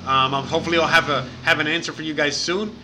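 A man's voice: fairly high pitch, fairly even intonation, quick pace, pushed and bright, slight background noise. A man hosting a casual livestream, rambling and profane, saying bro and man a lot. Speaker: livestream host.

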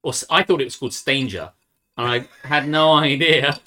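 A man's voice: medium pitch, normal speed, bright, forceful tone, slight background noise. A man from the United States co-hosting a livestream, chatting in a rambling, self-deprecating way. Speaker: stream co-host. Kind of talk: casual chat.

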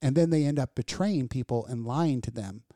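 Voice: mid-range voice, normal speed, mellow. Blunt, profane radio host ranting. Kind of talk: casual chat.

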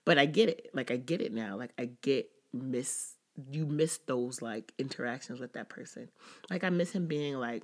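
A woman's voice: a bass voice, normal speed. A woman hosting a casual personal podcast, talking candidly and rambling with many "like"s. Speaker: podcast host.

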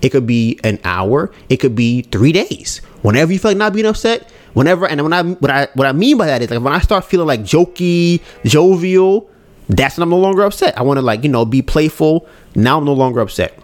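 Candid man musing out loud. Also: on the high side, animated, a little fast. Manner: candid, rambling, acts out his own inner voice. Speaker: podcast host. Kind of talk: casual solo podcast talk.

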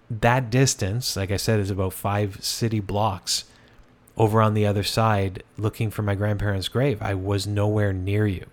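A man with a fairly low voice tells a ghost story in a loose, conversational way. He stops and restarts often and fills the gaps with "uh" and "kinda". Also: moderate pace. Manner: relaxed, conversational, many fillers and restarts. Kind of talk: casual storytelling.

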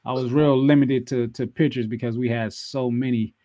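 A man's voice: mid-range voice, steady tone, fairly quick, dark tone, no room sound, studio quality. A young man co-hosting a wrestling podcast in casual, playful chat, repeating himself as he talks. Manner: laid-back, repeats himself, playful teasing. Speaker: podcast co-host.

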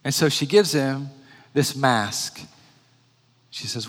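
Preacher with a long hall echo. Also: male voice, medium pitch, a bit bright. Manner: slows and repeats key phrases for emphasis. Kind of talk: sermon storytelling.

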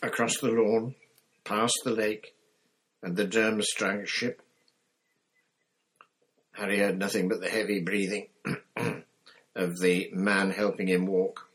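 Deep-voiced male audiobook narrator. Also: breathy edge. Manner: steady, measured storytelling. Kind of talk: scripted narration.

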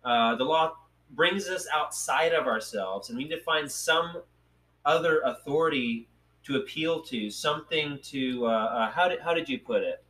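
A man's voice: fairly high pitch, expressive, moderate pace, a bit bright, rough recording. A man hosting a casual podcast, talking in a rambling, hesitant way with many fillers. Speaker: podcast host.

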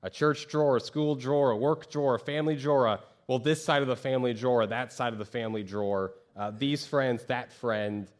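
A man preaching a sermon as pastor from a church stage, talking conversationally and acting out quoted voices with lively jumps. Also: mid-range voice, a little fast, few pauses.

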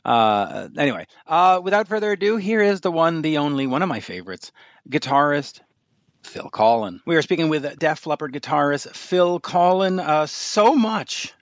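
A man's voice: a little high, moderate pace, dry recording. Male radio host, chatty and rambling, dry close mic, slightly dull lo-fi sound. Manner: chatty, rambling with many fillers. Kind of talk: casual radio interview.

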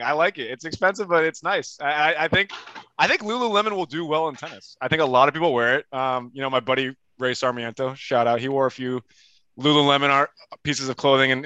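A man's voice: a little high, sharp tone, dry recording. A young man co-hosting a tennis podcast, chatting loosely and often breaking into laughter. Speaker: podcast co-host. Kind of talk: casual tennis podcast chat.

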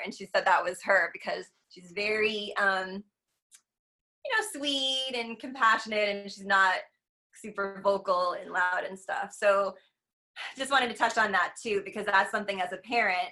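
A woman who teaches breathwork and meditation, talking in a casual conversation. Her voice is bright and forward, at an ordinary pitch for a woman. She rambles earnestly, with many likes and restarts.

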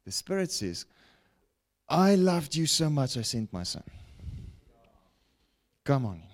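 A man preaching a broadcast sermon, with animated rises and falls and frequent "okay?" check-ins to his listeners. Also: a little high, slow. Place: broadcast teaching setting.

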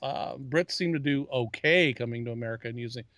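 This man's medium-pitched, fairly bright voice moves fairly quickly, captured in clean studio sound without room noise. As co-host of a casual pop-culture chat, he wanders through tangents, restarts sentences often, and labels himself a geek.

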